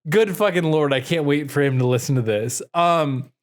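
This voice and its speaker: A man's voice: a little high, normal speed. A man co-hosting a comedy podcast, bantering casually, joking and swearing, often trailing off with fillers. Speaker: podcast co-host.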